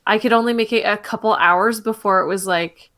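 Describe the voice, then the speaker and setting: A woman co-hosting a science podcast, talking in a relaxed, chatty way with many fillers. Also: medium pitch, brisk. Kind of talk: casual chat.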